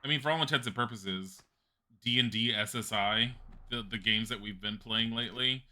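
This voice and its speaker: Bright-voiced chatty male streamer. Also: on the low side, moderate pace. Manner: rambling, chatty, laughs often, swears casually. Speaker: live streamer. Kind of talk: casual gameplay commentary.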